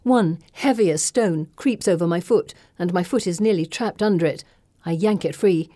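A woman giving measured first-person audiobook narration. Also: lowish voice, warm tone, no echo, clean studio sound.

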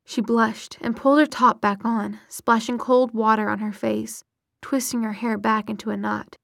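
A woman narrating a romance novel in a soft, breathy whisper. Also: on the high side, dry recording, studio quality.

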